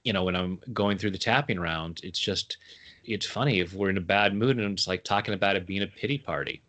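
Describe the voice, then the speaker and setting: A man chatting as an interview guest, playful and quick to laugh at his own jokes. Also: deep voice, a bit bright. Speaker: guest, tapping coach. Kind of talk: casual interview chat.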